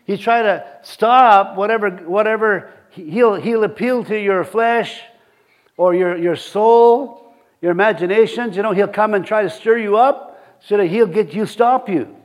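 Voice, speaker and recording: Halting, folksy preacher man with a high voice. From reservation community. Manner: halting, many restarts and fillers; folksy, chuckling asides. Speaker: pastor. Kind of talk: sermon.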